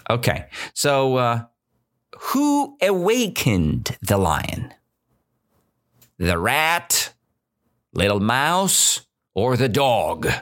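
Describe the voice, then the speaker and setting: A male English teacher reads a fable to his learners and then walks them through its vocabulary. He speaks slowly and deliberately and keeps checking in with "right?". His pitch rises and falls over a wide, lively range. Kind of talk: reading and explaining a story to learners.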